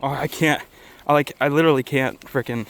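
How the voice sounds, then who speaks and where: A man vlogging while fishing alone, who talks straight to viewers in excitable live commentary and repeats his exclamations. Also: mid-range voice, fairly quick. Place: outdoors on a river. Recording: outdoor recording with wind and water noise.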